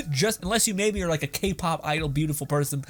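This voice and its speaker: A young man hosting a casual reaction show, rambling and laughing, crude and animated. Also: fairly high pitch, brisk.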